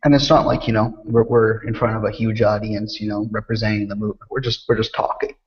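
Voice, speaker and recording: A man in a casual podcast chat, speaking earnestly and in a measured way, with many "you know"s. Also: on the low side, flat delivery, highs cut off, a little hiss or hum. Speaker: podcast guest.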